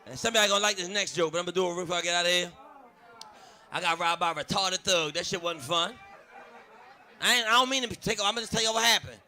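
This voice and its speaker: A man's voice: sits high, fast, pushed and bright. A man from Baltimore doing a profane stand-up comedy set, brash and laughing at his own jokes.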